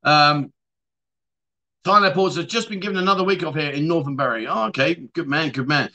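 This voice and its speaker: A man's voice: a little high, brisk, bright, forceful tone. A man hosting a casual livestream chat show, reading viewer comments aloud and answering them in a chatty way.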